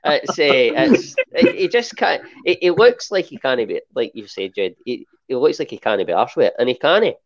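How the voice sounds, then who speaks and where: A Scottish man chatting on a football podcast in a lively, joking way. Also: medium pitch, a little slow, hardly any pauses. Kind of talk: casual chat. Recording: dull lo-fi audio.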